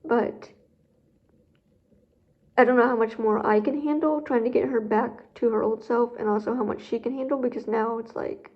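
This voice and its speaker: A woman with a slightly high voice speaks candidly in a personal vlog. She rambles with lots of fillers and sounds emotionally drained. The recording is dull and lo-fi. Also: fairly even intonation, normal speed. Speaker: guide dog handler vlogger.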